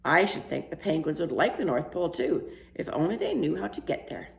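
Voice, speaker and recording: Woman reading a storybook husband, enthusiastic, dreamy, gravelly, low, echoey room. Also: big pitch swings, fairly quick, heavily acted. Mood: explaining. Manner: eager, wondering. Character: enthusiastic dreamy middle-aged house painter. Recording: roomy echo.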